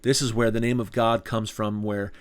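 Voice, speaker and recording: A man's voice: lowish voice, level tone, moderate pace. A man teaching a small group Bible study in an earnest, conversational way, asking rhetorical questions.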